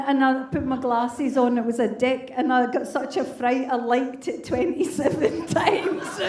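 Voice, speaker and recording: A woman's voice: on the high side, a little mellow, roomy sound, far from the mic, a little hiss or hum. A woman in her fifties, a comedy host doing crude, brash stand-up and teasing the crowd. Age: 50s. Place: comedy club stage with audience.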